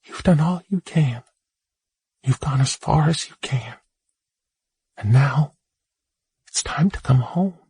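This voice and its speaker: Brief: gentle loving mother, put on by a male narrator in a raised, soft voice. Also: on the high side, slow, pauses often, husky, no room sound, studio quality, pitched above the performer's own voice, exaggerated voice. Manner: tender, lovingly soothing. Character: loving mother in a dream, woman.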